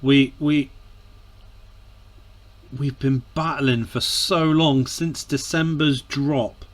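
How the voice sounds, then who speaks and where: A man giving emotional casual commentary on his football management game, sighing, groaning and breaking into shouts, often repeating words. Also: mid-range voice, fairly even intonation, drawn-out words. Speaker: gaming commentator. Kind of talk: casual let's-play commentary.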